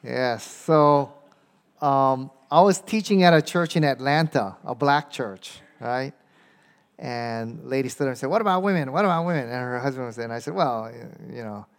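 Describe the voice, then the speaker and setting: Male speaker for a church talk, conversational, medium pitch, tags lines with "okay?", slows down to read verses. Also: clear, resonant tone. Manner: conversational, keeps checking in with "okay?" and reads verses aloud slowly. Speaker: speaker teaching a church audience about Quran passages. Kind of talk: informal lecture with audience questions.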